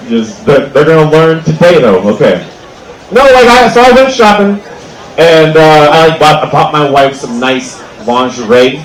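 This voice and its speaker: A man's voice: a little high, animated, normal speed, reverberant, a little hiss or hum, rough recording. A young adult man doing a stand-up comedy set on an outdoor stage, rambling with many "like"s and restarts, into a handheld mic.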